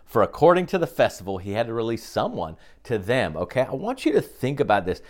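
A man's voice: sing-song, fast talker. A middle-aged man preaching a sermon, earnestly asking listeners to imagine the scene and acting out the quoted voices. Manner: says okay often, acts out quoted voices with raised pitch. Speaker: pastor.

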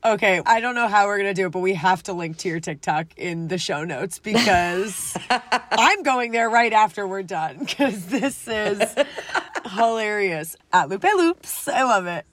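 A woman's voice: mid-range voice, unhurried, fairly bright tone, dry recording. A woman hosting a podcast, chatting casually with a guest, laughing often and gushing with enthusiasm. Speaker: podcast host. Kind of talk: casual interview chat.

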